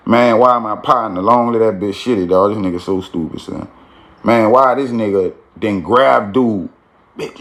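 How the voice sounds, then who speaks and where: Slangy man telling a street story. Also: medium pitch. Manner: animated, slangy, frequent "you feel me" tags.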